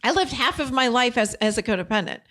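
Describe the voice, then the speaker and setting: A woman's voice: fairly high pitch, animated, fast, a bit bright. A woman hosting an advice podcast, talking in an earnest, direct coaching way and mixing in personal stories. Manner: chatty, frequent "you know". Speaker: podcast host and codependency coach.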